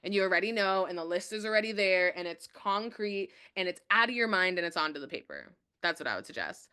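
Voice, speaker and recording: A woman's voice: fairly low pitch, animated, quick pace, pushed and bright, clear, resonant tone. A woman hosting a motivational webinar, upbeat and encouraging as she talks to viewers and reads their chat messages aloud. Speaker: webinar host.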